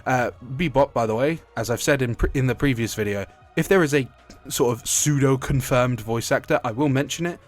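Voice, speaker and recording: A British man gives a loose, chatty commentary, drifting between thoughts and patching up his own sentences as he goes. His voice sits at an ordinary middle pitch. A faint bed of music plays quietly underneath. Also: brisk. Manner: rambling, self-correcting, chatty. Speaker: gaming video creator. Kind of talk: casual video commentary.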